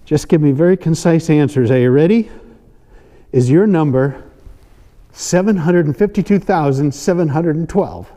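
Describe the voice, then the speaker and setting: Man, comedy magician, teasing stage banter, slightly high voice, long hall reverb, faint background noise. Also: dark tone. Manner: playful, teasing, quick asides. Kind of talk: stage banter with audience volunteers. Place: stage before a live audience.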